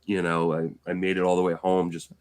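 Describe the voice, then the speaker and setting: A low-voiced man co-hosts a podcast, casual and animated, telling stories and swearing casually while recovering from illness. He talks a little fast with a smooth voice in easy chat.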